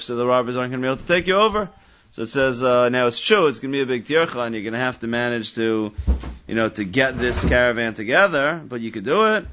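Male Talmud teacher, animated, mid-pitched voice, slightly dull lo-fi recording. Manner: animated, questioning, thinks aloud with many restarts. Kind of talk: Talmud study discussion.

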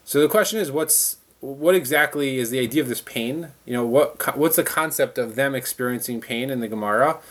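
A man leads a Talmud class, reading each line aloud before explaining it in everyday words. His pitch sits in a plain middle range, and he often restarts a phrase as he thinks it through. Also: fairly quick, hardly any pauses. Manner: reads the text, then explains it in plain conversational words, with restarts. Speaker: Talmud teacher. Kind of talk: Talmud lesson, reading and translating.

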